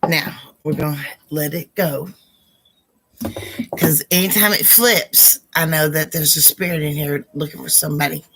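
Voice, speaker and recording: A woman hosting a live psychic Q&A stream, chatty and affectionate with her viewers, her voice hoarse and rough. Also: low-pitched, steady tone, moderate pace, a bit bright.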